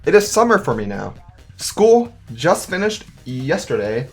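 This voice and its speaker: A man's voice: fairly high pitch, big pitch swings, a little slow, slightly rough, faint music behind. A young man in his twenties casually talking through a video game, upbeat and rambling, often correcting himself. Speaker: gaming video host. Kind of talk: casual gameplay commentary.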